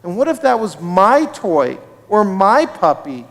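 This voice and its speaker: Kind storybook girl, earnest and gentle, played by a man, lively pitch, echoey room. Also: unhurried, gravelly, full character voice. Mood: remorseful. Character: kind-hearted young girl, remorseful. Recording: reverberant sanctuary livestream.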